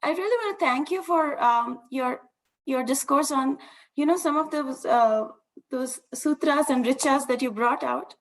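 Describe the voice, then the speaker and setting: High-voiced woman moderating, full of fillers. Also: unhurried. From United States. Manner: filler-heavy, hesitant phrasing. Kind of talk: casual moderating. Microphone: video call.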